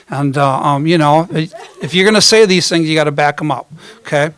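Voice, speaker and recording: A man's voice: on the high side, lively intonation, a little fast, a bit bright, smooth. Chatty man telling stage stories. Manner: chatty, rambling, self-mocking, many fillers. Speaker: ukulele performer telling a story on stage. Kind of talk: storytelling stage banter. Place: coffee house concert stage.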